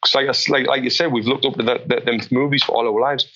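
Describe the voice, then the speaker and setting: A man, a boxing coach being interviewed, telling animated stories and often restarting his sentences. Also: medium pitch, quick pace, lo-fi sound. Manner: animated storyteller with many restarts. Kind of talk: interview conversation.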